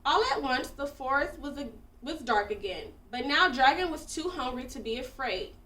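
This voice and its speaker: Bright-voiced woman reading a storybook. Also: high voice, normal speed. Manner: expressive, animated storytelling. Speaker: storybook reader. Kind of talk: reading a children's picture book aloud. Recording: echoey room, distant mic.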